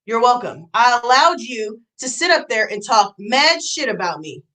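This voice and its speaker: A young adult woman ranting on a livestream, heated and profane, hammering her points by saying them twice. Her voice sits high and swings widely in pitch, with a bright, sharp edge. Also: lively intonation, moderate pace. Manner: heated, profane, repeats lines for emphasis. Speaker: YouTube streamer.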